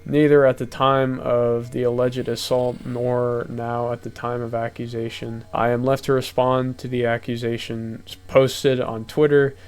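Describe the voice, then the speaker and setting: A man's voice: medium pitch, little pitch movement, measured pace, few pauses, smooth. Young man reacting heatedly to a document. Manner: casual, swearing, gets heated and loud. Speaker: commentary youtuber.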